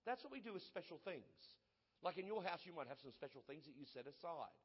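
Male pastor preaching, high voice, emphatic repetition, muffled sound in a long-reverb hall. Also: big pitch swings, quick pace, breathy edge. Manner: emphatic, repeats phrases for effect. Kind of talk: sermon.

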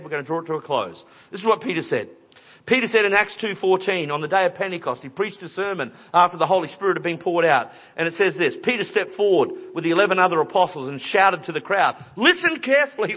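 A man preaching a sermon in a conversational, animated storytelling way with playful voices. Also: high voice. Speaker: pastor. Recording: dull lo-fi recording.

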